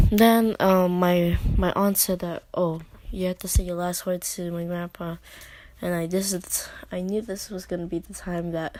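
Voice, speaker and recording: A teenage girl telling a personal story in a vlog, halting and hesitant, with many fillers and restarts and soft whispered asides. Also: lowish voice, no echo. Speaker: vlogger.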